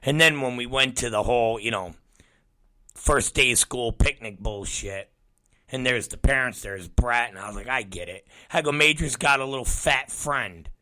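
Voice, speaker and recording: At normal speed and with a mid-range voice, a middle-aged man hosts his show and tells a profane story, playing the voices of its characters. He's animated and swears constantly, and there's no echo.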